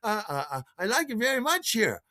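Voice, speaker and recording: A man voicing a cheerful young German woman in a high chirpy German accent, inside a told story. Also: wildly swooping pitch, a little fast, bright, forceful tone, heavily acted.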